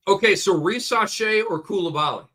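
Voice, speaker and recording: Bright-voiced excitable male co-host. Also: high voice, moderate pace. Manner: excitable, rattles off stat lines. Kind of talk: casual fantasy basketball podcast chat.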